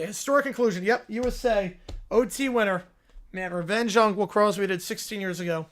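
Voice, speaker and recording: A man hosting a livestream, dropping dry, low-key commentary between story readings. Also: a little fast, fairly bright tone. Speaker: livestream host.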